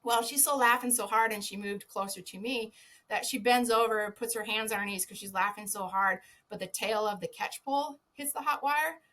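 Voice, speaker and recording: A woman's voice: mid-range voice, moderate pace, bright, forceful tone. A woman guest on a podcast, a former zookeeper telling a casual anecdote, swearing freely and laughing often.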